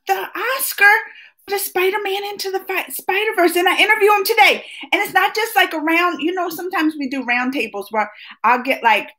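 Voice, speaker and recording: A woman hosting a casual live chat with her viewers, excitable and talkative, laughing often as she chats at home. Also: extremely high pitch, a little fast. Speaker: livestream host. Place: at home, just woken up.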